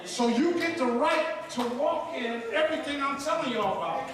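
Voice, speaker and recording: A man preaching fervently at a conference service, pausing between phrases for his interpreter. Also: extremely high pitch, animated. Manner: fervent and shouting, pausing for translation. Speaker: guest preacher. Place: large church hall. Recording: echoey hall, far from the mic, crowd behind.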